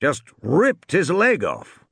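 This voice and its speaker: A man's voice: on the high side, huge pitch swings, slow, gravelly, fairly bright tone, slightly rough, no echo, pitched above the performer's own voice, exaggerated voice. A man voicing a tough, terse game warden who speaks in clipped, blunt orders. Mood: urgent.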